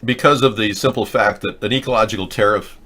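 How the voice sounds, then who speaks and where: Sarcastic rambling political show host. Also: male voice, on the low side, fast talker, bright, forceful tone. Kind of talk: political commentary.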